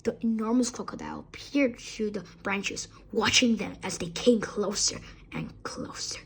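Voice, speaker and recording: A woman's voice: medium pitch, huge pitch swings, measured pace, fairly bright tone, breathy edge. A woman reading a children's story aloud expressively, with small slips.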